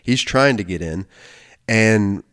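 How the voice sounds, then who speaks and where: A man from the United States with a somewhat low voice tells a personal story on his podcast. He talks casually and swears freely, often restarting sentences and correcting himself as he goes. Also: lively intonation, slow pace, a bit bright. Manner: rambling, profane, frequent restarts and self-corrections. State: emotional, near tears at times. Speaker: podcast host.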